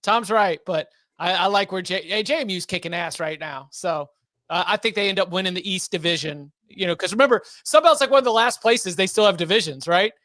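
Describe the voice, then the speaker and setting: A man giving college football betting opinions, animated and often restarting his sentences. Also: sits high, fairly quick, dry recording. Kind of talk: casual sports betting chat.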